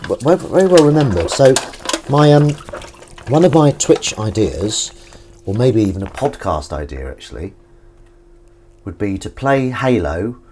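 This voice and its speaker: A low-voiced Englishman chats to his live viewers from a home kitchen, his pitch leaping up and down as he rambles. He reads comments aloud and swears casually. Faint water and clinking dishes sit behind him. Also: a little mellow, slight background noise. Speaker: live streamer. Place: home kitchen, washing up at the sink.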